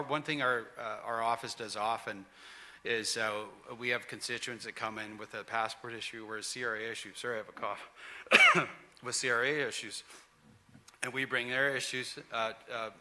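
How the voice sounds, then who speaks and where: A male member of parliament answering earnestly at a candidates forum, halting with fillers. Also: medium pitch, bright, forceful tone. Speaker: member of parliament running for re-election. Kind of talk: debate answer.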